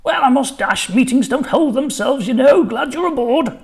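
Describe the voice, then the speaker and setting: Man voicing a brisk, fussy storybook headmaster with a lively, bouncing delivery. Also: very high voice, pitched above the performer's own voice. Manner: brisk, dismissive. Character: fussy, hurried male school headmaster.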